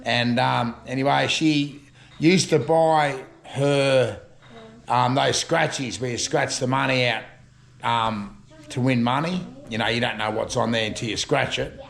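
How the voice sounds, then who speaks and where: Gravelly older Australian man spinning yarns. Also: medium pitch, steady tone, unhurried, fairly bright tone. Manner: rambling, chuckling, full of local slang. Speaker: storytelling vlogger. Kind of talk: casual yarn-spinning.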